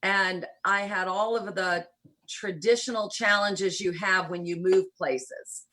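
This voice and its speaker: This is a woman around sixty whose faint Southern accent still shows in her vowels. She tells stories as an interview guest, in a lively way that speeds through asides and slows down on key words. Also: mid-range voice, rough recording. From rural Kentucky, USA. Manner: animated storyteller, shifts between quick and slow, deliberate phrasing. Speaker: guest, church planter. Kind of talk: conversational interview storytelling.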